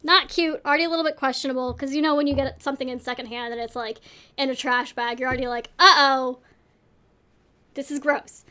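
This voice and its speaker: High-voiced woman telling stories rambly. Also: racing. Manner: rambling, self-deprecating, animated. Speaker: panel co-host. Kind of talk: casual storytelling panel.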